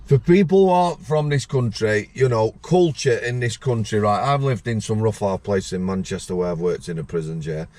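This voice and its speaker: A man's voice: on the low side, fairly quick, hardly any pauses, a little mellow, dry recording. A man in his sixties with a Yorkshire accent, hosting a casual podcast chat and chipping in with blunt stories. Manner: blunt, chatty, interjects with stories. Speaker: podcast host.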